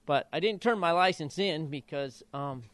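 A man's voice: normal speed, no echo. Older man telling racing stories animatedly. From Idaho. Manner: animated storyteller, acts out quotes in high voices. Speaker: retired jockey. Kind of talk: storytelling interview.

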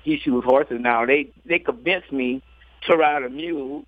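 A man's voice: mid-range voice, a little slow, dry recording. A man being interviewed as a jockey, telling stories with frequent laughter and acted-out quotes. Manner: laughing, animated storyteller acting out quotes. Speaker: jockey guest. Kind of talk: storytelling interview. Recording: dry tinny phone line.

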